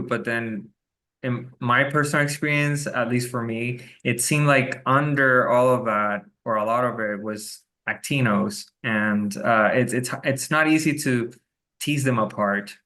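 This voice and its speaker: A man's voice: mid-range voice, pushed and bright. A man hosting an interview over a video call, musing on his own experience and reading out questions from the chat. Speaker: interview host. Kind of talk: conversational interview.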